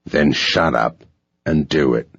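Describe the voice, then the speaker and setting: A man's voice: rumbling low, slow pace, gravelly, fairly bright tone, slightly rough, no room sound, muffled recording, heavily acted. A man voicing a cold, menacing operative with a South African accent who makes curt, icy threats.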